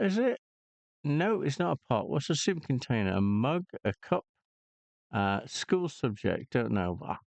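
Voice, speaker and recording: A man's voice: mid-range voice, vocal fry, no echo. A man hosting a casual games channel, hesitantly muttering clues and moves aloud to himself, on a dull lo-fi recording. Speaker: gaming channel host. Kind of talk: casual puzzle and game commentary.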